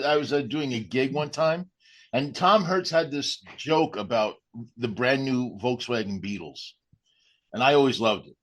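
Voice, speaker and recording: A man's voice: mid-range voice, fairly bright tone. A man and stand-up comedian telling a sheepish, confessional story in casual chat.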